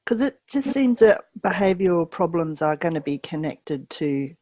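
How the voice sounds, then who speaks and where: A woman with a low, dark voice offers a hesitant comment to the class and lets her sentences trail off. The sound is dry and close, with no room around it. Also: sing-song, normal speed, no room sound. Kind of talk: class discussion. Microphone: video call.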